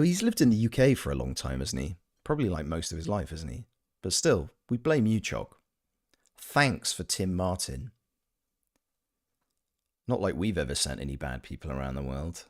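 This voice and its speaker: Playful streamer, lively low voice. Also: male voice. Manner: playful, joking, rambling asides. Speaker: gaming streamer and voice actor. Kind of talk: casual stream chat, reading chat aloud.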